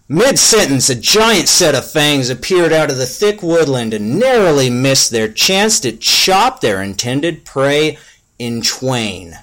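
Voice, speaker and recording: A man reading a crude comic fantasy story aloud in a deadpan, mock-epic way. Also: medium pitch, slow pace. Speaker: story reader.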